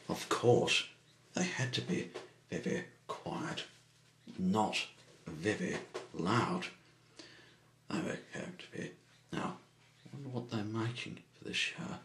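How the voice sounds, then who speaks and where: A man narrating a homemade toy-train story in a halting way, with many fillers and repeated words. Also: fairly low pitch, expressive, fairly bright tone, echoey room, slight background noise.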